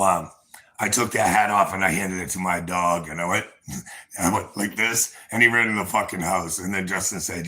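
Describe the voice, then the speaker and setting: A man's voice: low voice, sharp tone. A man livestreaming, rambling through a profane, boastful rant and talking straight to his viewers, with chuckles between. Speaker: livestream host.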